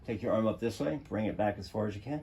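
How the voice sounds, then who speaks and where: Male chiropractor, low voice, encouraging, brisk repeated instructions during treatment. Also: vocal fry, mellow, slight background noise. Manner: encouraging, gives short repeated commands. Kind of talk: coaching a patient through treatment. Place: treatment room indoors.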